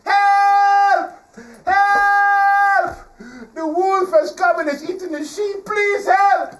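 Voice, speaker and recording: A man voicing a frantic young shepherd boy who shouts for help in a high, strained voice during a live storytelling. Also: steady tone, drawn-out words, full character voice. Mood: panicked yelling. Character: boy shepherd crying wolf, shrill and frantic. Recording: voice from a distance, faint ambience.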